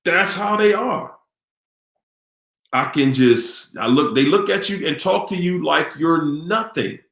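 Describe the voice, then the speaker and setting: Man, live-stream host, animated and preachy, asks the chat questions, slightly high voice, roomy echo. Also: takes it slowly, creaky. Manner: preachy, animated, repeats himself, asks the audience. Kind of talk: casual live-stream talk to viewers.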